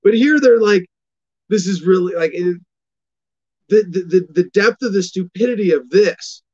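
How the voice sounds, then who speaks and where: A man's voice: high voice, normal speed, a little mellow, highs cut off. A man hosting an opinion commentary show, ranting sarcastically with lots of restarts and filler words. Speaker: host.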